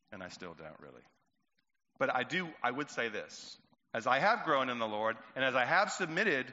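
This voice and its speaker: A middle-aged male preacher giving an earnest sermon, storytelling and slowing down for emphasis. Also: mid-range voice, bright, forceful tone. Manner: earnest, slow and emphatic at key points. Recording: echoey hall, dull lo-fi sound.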